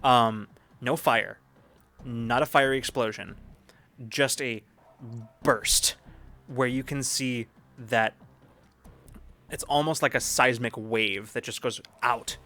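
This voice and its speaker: A man's voice: mid-range voice, slow, long pauses, sharp tone. A man narrating as game master of a sci-fi tabletop game, describing scenes in a rambling way with many restarts.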